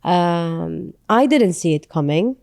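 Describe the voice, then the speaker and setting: A woman's voice: fairly low pitch, animated, slow, creaky, a little mellow. A woman in her thirties, a podcast guest and business founder, talking candidly and reflectively with frequent "um"s. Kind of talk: casual conversational interview.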